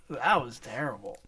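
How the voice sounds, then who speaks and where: A man's voice: medium pitch, sharp tone, slight background noise. A man co-hosting a podcast in casual, jokey chat, laughing often. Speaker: podcast co-host.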